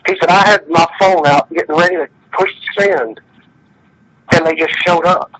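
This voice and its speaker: A man's voice: fairly high pitch, normal speed, a bit bright, highs cut off, a little hiss or hum. A man telling a story in casual, plainspoken talk, retelling dialogue line by line. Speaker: guest storyteller.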